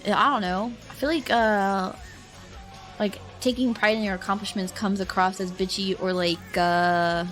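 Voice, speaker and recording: A woman's voice: mid-range voice, fairly even intonation, measured pace, a bit bright, soft background music. A young woman streamer chatting casually with viewers, rambling and reflective, with lots of "like" and "I don't know". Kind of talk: casual chat reading viewer comments.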